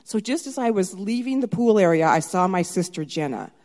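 Middle-aged woman, live stage storyteller; dramatic delivery from hush to shout, mid pitch, long hall reverb. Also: brisk. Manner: animated, dramatic shifts from hushed to shouting.

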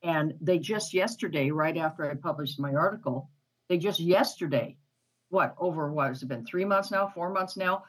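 Low-voiced, emphatic woman talking politics. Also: moderate pace, breathy edge, low-quality recording. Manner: emphatic, indignant. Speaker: podcast co-host. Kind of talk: casual political discussion.

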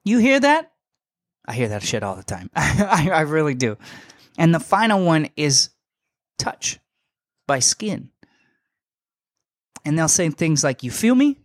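A young man hosting a podcast, telling a story in a casual, animated and slangy way, emphatic and full of asides. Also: a little high, measured pace, pauses often, no room sound, studio quality. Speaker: podcast host.

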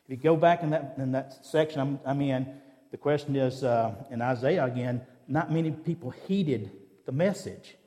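A man's voice: medium pitch, moderate pace, dark tone, big-room sound. A man giving a sermon in a conversational, storytelling way, acting out the dialogue of his anecdotes. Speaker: preacher. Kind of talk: sermon with personal stories. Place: church.

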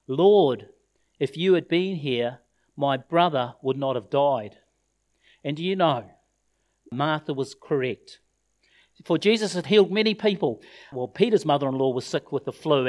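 A man preaching at a funeral, with a voice a little higher than most men's. He tells the scripture story expressively and quotes its words. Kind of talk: funeral sermon.

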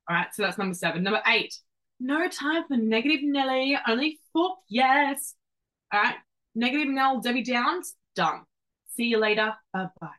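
A woman's voice: medium pitch, fairly bright tone, poor audio. A woman in her twenties hosts a solo motivational podcast. She is brash and hypes the listener up. She swears often and keeps calling them babe and doll. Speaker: podcast host.

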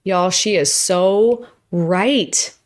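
A woman's voice: mid-range voice, very slow. A woman giving a chatty, emphatic motivational talk to her viewers, exclaiming often. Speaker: host.

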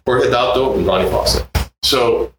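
A man in his sixties from Puerto Rico with a Puerto Rican accent, a guest musician telling animated stories in a casual interview. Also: moderate pace. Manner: animated, acts out other people's voices in high tones. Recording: roomy with faint background noise.

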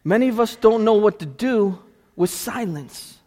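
In a church, a male pastor preaches a sermon in a voice slightly higher than most men's. Long, lingering reverb from the sanctuary trails each phrase. He alternates between hushed, drawn-out passages and loud, animated outbursts.

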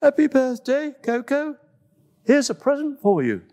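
Man doing a high, light male antelope. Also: sing-song, a little slow, darkish tone, heavily acted. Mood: gentle, reproachful. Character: gentle male antelope, reproachful.

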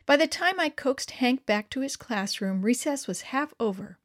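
A woman narrating a first-person children's story with an expressive, wry delivery. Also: sits high, normal speed, few pauses.

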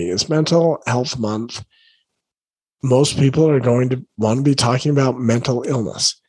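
A man's voice: mid-range voice, husky, no echo, low-quality recording. A man who coaches parents, talking casually and earnestly to camera late at night, tired, repeating his key points to encourage them. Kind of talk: casual direct-to-camera talk.

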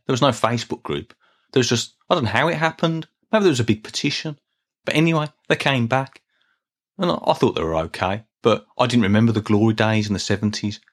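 Guy, middle-aged, rambly podcast host, self-deprecating, chatty and easygoing. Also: mid-range voice. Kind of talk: casual solo podcast talk.

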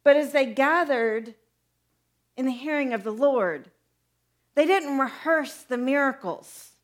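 High-voiced woman preaching a sermon. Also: animated, slow. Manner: conversational, asks the audience many questions.

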